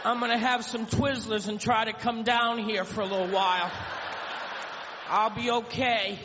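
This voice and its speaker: Brief: male stand-up comic, very high voice, rambling self-mocking stories, dull live recording in a big reverberant room. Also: flat delivery, normal speed, background noise. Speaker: stand-up comedian. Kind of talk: stand-up comedy routine. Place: comedy stage before a live audience. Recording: lo-fi live club recording with hall echo and crowd.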